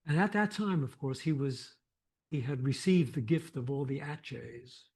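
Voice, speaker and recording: An older man, a photographer, telling anecdotes on a lecture stage in a reflective, animated way with restarts. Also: mid-range voice, moderate pace, slightly rough. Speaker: photographer guest. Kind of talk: conversational storytelling.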